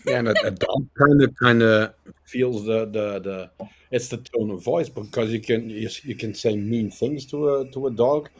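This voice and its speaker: Hesitant man, mid-pitched, stumbling. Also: normal speed, breathy edge. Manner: hesitant, stumbling over words. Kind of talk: casual chat.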